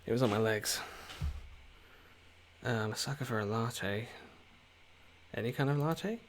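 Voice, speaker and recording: A man's voice: mid-range voice, measured pace, a little hiss or hum. A man streaming a story game, chatting casually and rambling as he reads the dialogue. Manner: chatty and rambling, often trailing off. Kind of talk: casual gameplay commentary and reading game dialogue aloud.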